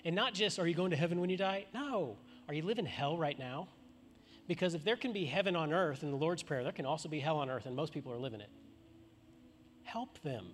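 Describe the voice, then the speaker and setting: A man's voice: fairly high pitch, expressive, brisk, a bit bright, a little hiss or hum. A man preaching a sermon to a congregation in a church auditorium, casual and conversational, full of rhetorical questions. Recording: long reverb of a large hall.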